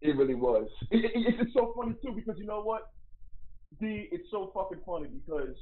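A man calling in to a live show, talking in a quick, casual way and swearing freely. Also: sits high, lively intonation. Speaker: caller. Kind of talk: phone-in chat. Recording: tinny phone line.

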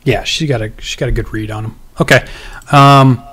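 Dm guy narrating his tabletop game, lots of ums and restarts, average pitch. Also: fairly even intonation, normal speed, a bit bright, slightly rough. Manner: hesitant, many ums and restarts. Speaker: game master.

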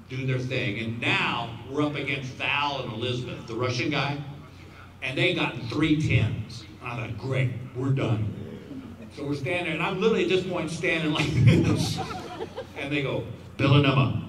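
A man in his fifties doing stand-up, telling a long story in a folksy way and quietly acting out the other people's lines. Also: mid-range voice, normal speed. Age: 50s. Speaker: stand-up comedian. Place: outdoor stadium stage. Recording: roomy, distant audience recording with crowd noise.

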